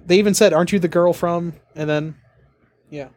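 A man co-hosting a casual comedy riff, delivering crude, deadpan asides. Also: sits high, brisk, no echo. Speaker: co-host.

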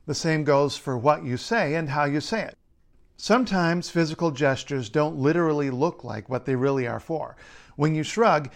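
A man, a linguist, reading a scripted explainer in a measured, playful way. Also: fairly high pitch. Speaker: linguist and writer.

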